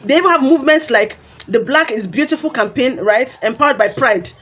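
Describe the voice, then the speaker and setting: A woman's voice: high-pitched, expressive, a little fast, fairly bright tone, slightly rough. Earnest Nigerian woman lecturing. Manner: earnest, lecturing, lists examples. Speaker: commentator. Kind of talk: explanatory commentary.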